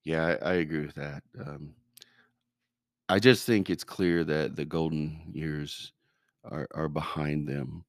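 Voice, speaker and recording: A man co-hosting a podcast, explaining critical reception in a measured, hesitant way with many pauses. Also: rumbling low, steady tone, no echo, studio quality. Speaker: podcast co-host. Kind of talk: casual discussion.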